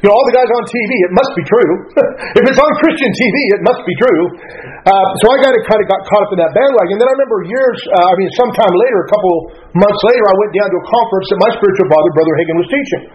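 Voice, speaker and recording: A man's voice: high voice, very fast, few pauses, lo-fi sound. A middle-aged man, a pastor preaching a sermon in an earnest, conversational way and reading scripture aloud.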